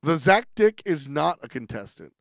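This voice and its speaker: A man's voice: fairly high pitch, sing-song, moderate pace, vocal fry, no room sound, studio quality. A man hosting a livestream in casual chat, rambling, restarting sentences and laughing between thoughts. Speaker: stream host.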